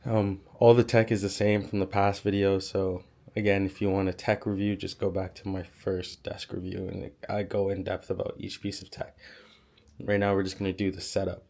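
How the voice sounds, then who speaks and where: A young man, hoarse from being sick, chatting casually as he gives a room tour. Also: low-pitched, level tone, normal speed, a little mellow. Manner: chatty, lots of "like" and "so". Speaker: YouTuber giving a room tour. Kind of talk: casual vlog walkthrough.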